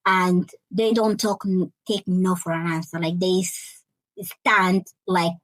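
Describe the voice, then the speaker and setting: A young adult woman guest sharing a personal story in an interview, earnest and halting, often repeating words as she searches for them. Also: on the low side, little pitch movement, no echo, poor audio. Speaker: interview guest, life coach. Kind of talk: personal testimony in conversation.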